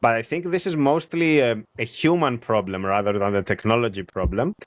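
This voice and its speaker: A man talking in a conversational interview, thinking aloud in a reflective way with small pauses. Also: mid-range voice, no room sound.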